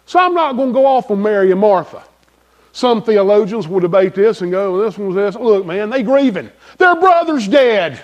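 A male pastor preaching a sermon in an emphatic, folksy manner, repeating key phrases and swinging from loud to soft. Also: sits high, expressive, moderate pace, dull audio.

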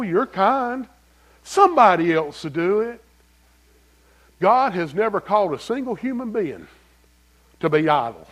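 Man, pastor, sermon, folksy, animated, high voice. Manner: folksy, animated preaching with rhetorical questions.

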